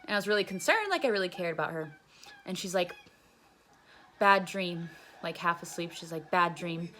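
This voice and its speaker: A woman's voice: lowish voice, big pitch swings, quick pace, a bit bright, a little hiss or hum. A young woman casually recounting a personal story, rambling and swearing freely with lots of "like.". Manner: profane, rambling, heavy use of "like". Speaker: storyteller recounting her jail time.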